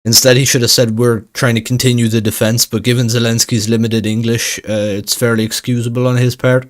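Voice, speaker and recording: A man's voice: medium pitch, little pitch movement, a little fast. A man from Russia reacting to a clip on a livestream in casual commentary, blunt, sarcastic and profane.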